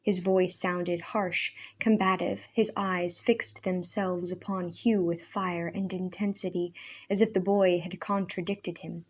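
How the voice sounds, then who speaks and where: A woman reading a storybook chapter aloud in a measured, expressive narrating voice. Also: lowish voice, slightly rough.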